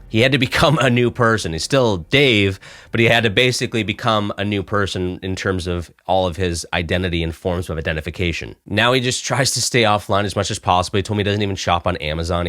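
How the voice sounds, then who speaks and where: A man hosting a channel, telling a true story casually to camera, his voice nasal from a cold. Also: deep voice. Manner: relaxed, conversational, rambling asides. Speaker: host.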